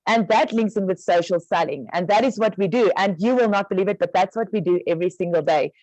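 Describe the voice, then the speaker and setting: A woman's voice: mid-range voice, quick pace, darkish tone, dry recording, rough recording. A woman explaining business terms step by step on an online training call, casual with many fillers. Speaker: network marketing trainer.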